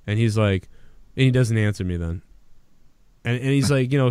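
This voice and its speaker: A man's voice: medium pitch, normal speed, darkish tone, smooth, no room sound. A man co-hosting a podcast in casual, profane banter, rambling and laughing often. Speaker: podcast co-host.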